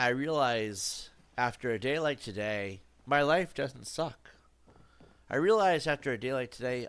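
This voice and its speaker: A man's voice: mid-range voice, fairly bright tone. A man streaming a game with a stuffy nose, talking casually in a reflective, rambling way with jokey asides. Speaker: live streamer. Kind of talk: casual live-stream talk while gaming.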